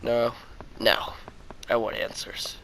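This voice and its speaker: A man's voice: mid-range voice, monotone, takes it slowly, pushed and bright, a little hiss or hum, poor audio. Henry, a man reading as a curious questioning man. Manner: questioning, whispery. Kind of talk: reading a fan story aloud.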